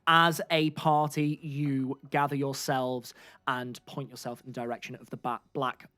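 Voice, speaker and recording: A man's voice: mid-range voice, level tone, measured pace, pushed and bright. A man running a tabletop game, describing scenes in a rambling way full of fillers. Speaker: game master.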